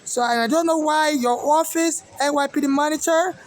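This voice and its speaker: Speaking straight to camera, a Nigerian man with a Nigerian accent rambles agitatedly, restarting often and leaning on fillers. His pitch is extremely high and his pace a little fast. He is an activist vlogger.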